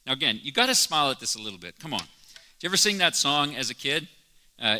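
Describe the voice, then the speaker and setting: A man's voice: fast, big-room sound. A man preaching a conversational, wry sermon as pastor in a church. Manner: conversational and wry, with animated jumps in pitch. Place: church sanctuary.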